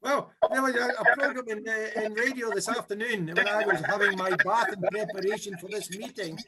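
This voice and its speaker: A man's voice: high voice, steady tone, a little fast, a loud crowd. An older man, rambling chattily as a guest on a video call.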